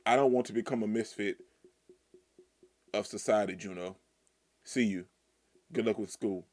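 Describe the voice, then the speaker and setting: A man reading the lines of a proud, cold young male deer from a manga, flat and clipped. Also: on the low side, normal speed, no room sound, close to an everyday voice.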